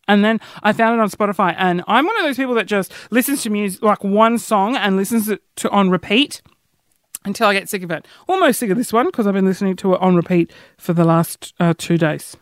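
A woman's voice: mid-range voice, brisk, no echo. A young woman hosting a solo podcast, chatting casually and rambling from one giggly tangent to the next. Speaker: podcast host.

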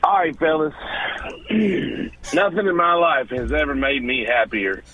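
A man's voice: on the high side, unhurried, fairly bright tone, slight background noise, rough recording. A man calling in to a radio show, speaking emphatically to the hosts. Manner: emphatic, addresses hosts directly. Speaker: caller. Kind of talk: phone-in comment.

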